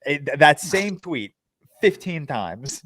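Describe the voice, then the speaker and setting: A man's voice: on the high side, very animated, takes it slowly, fairly bright tone, dry recording, clean studio sound. A man co-hosting a casual movie podcast, dropping wry, jokey asides. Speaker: podcast co-host.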